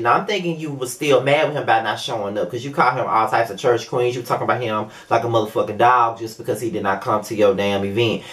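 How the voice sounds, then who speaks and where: A young man hosting his own video review show, talking casually and animatedly with plenty of swearing and filler asides. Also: medium pitch. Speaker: show host reviewing a reality series.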